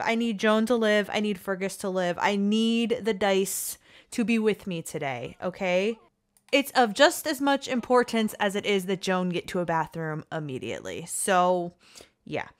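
A woman casually commentating her own gameplay, chatty and excitable, pleading with the dice and cooing at the characters. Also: medium pitch, a little slow. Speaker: gaming channel host. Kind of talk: casual let's-play commentary.

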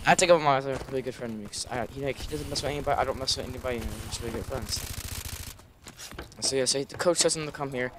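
A man's voice: mid-range voice, noisy background. Young man rambling over game gunfire. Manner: rambling, subdued, heavy swearing, lots of fillers. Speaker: gaming YouTuber. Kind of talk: casual commentary over gameplay. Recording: gunfire from gameplay behind voice. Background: video game gunfire.

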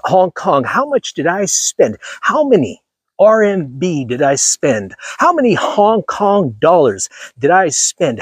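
Emphatic husky man ranting to viewers. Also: a little high, no echo. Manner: emphatic, repetitive, addresses viewers directly. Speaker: channel host. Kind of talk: ranting casual livestream.

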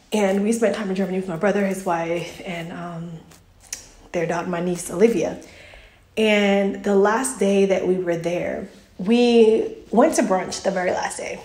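A woman's voice: medium pitch, warm tone. A woman vlogger chatting earnestly, telling a personal story in a casual, faith-filled way. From United States. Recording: roomy echo.

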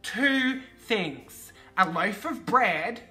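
A woman from Australia with an Australian accent, telling a storytime on her vlog with animated, profane ranting. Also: mid-range voice, moderate pace, soft background music. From Queensland, Australia. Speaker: vlogger.

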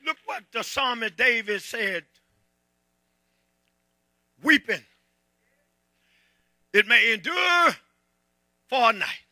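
A pastor with a Southern American accent preaching a sermon in church, calling on the congregation to answer and breaking into shouts and half-sung lines. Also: male voice, very high-pitched, big pitch swings, takes it slowly, long pauses, no room sound. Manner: preaching with call-and-response, shouting and half-singing. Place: church sanctuary.

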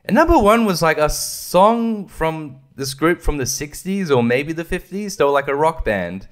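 A man's voice: on the high side, big pitch swings, moderate pace. Man, young, solo podcast host: loose, profane rambler who laughs a lot. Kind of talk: casual chat.

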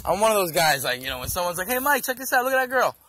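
A man's voice: high-pitched, big pitch swings, very fast, sharp tone, dry recording, low-quality recording. A man ranting loosely and crudely to the camera, jumping from one topic to the next, recorded outdoors in the woods. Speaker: vlogger. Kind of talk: rambling comedic rant.

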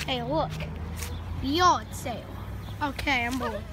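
A woman's voice: sits high, slow pace. A woman vlogging outdoors in casual chat, playful and talkative, filming with a handheld camera on a street. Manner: chatty, playful, jumps between loud and hushed. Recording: loud outdoor street noise, traffic. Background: traffic and street noise.

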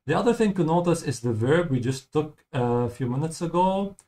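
A man's voice: a little high, expressive, normal speed, dark tone. Man patiently explaining German words. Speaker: German language teacher. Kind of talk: game playthrough language lesson.

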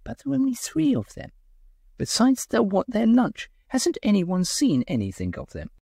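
A man's voice: high-pitched, wildly swooping pitch, moderate pace, gravelly, a little mellow, slightly rough, no echo, studio quality, voice pushed up, heavily acted. A man voicing a fretful society hostess who talks in a fussy, fluttery way.

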